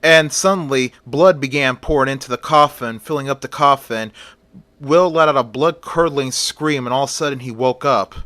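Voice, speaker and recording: A male storyteller narrating horror in an animated way, his voice bright and forceful. The sound is close and dry, with no room echo. He talks at a natural, unhurried pace. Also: medium pitch.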